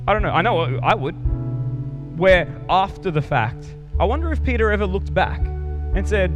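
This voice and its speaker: A man's voice: high-pitched, big pitch swings, moderate pace. A young man preaching a sermon in a church, talking casually and building to earnest intensity. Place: church hall with band. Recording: live in a reverberant hall with music behind.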